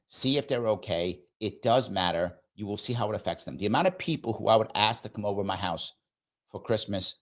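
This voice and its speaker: Middle-aged male show host, earnest conversational monologue, animated pitch. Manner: earnest and conversational, acts out quoted dialogue. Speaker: host of a live discussion show. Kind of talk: casual live monologue.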